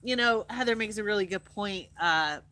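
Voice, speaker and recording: A woman co-hosting a casual livestream, talking in a self-conscious, warm way and thanking viewers. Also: mid-range voice, moderate pace, dry recording. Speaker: co-host of a farm livestream.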